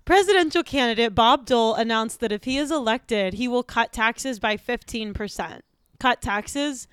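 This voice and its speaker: A woman acting as a gawky sixteen-year-old girl hosting her own talk show, fumbling through jokes and muttering asides. Her voice is a bit high, smooth and clear. It sounds close and dry. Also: normal speed, a bit bright, no echo, close to an everyday voice. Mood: awkward. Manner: awkward, self-conscious, trailing off into asides. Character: awkward teenage girl talk-show host. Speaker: host of a comedy podcast. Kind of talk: scripted comedy podcast.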